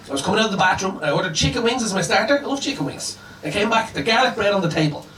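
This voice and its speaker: A man doing a stand-up set, telling a story and acting out the dialogue in an animated way. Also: sits high, very fast, recorded from a distance, slight background noise. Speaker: stand-up comedian. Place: comedy club on a boat. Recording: echoey club with audience laughter. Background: audience laughter.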